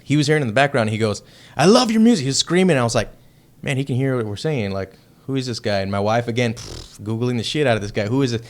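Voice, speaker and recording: A man from Texas in his thirties or younger, a heavy metal band member, chatting as a podcast guest. His voice sits at an ordinary middle pitch, and he tells his story in a loose, excitable way, swearing freely as he goes. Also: fast talker. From Texas, United States. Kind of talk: casual storytelling chat.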